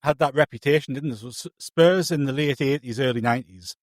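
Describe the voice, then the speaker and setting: A man's voice: mid-range voice, a little fast, no echo. Rambling man, dry sound. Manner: rambling, self-interrupting storyteller. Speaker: podcast co-host. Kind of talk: casual chat.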